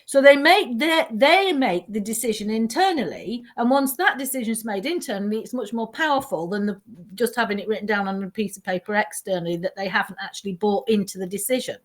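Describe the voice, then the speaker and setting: A woman trainer explaining ideas in a conversational way, animated and quick to laugh, often restarting her sentences. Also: medium pitch. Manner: animated, self-interrupting storyteller who laughs often. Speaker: teaching trainer.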